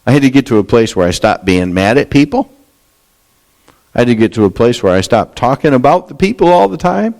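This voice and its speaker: A man preaching a Bible study sermon, talking candidly and conversationally, rising into animated quoted lines. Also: medium pitch. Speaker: pastor. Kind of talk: expository sermon.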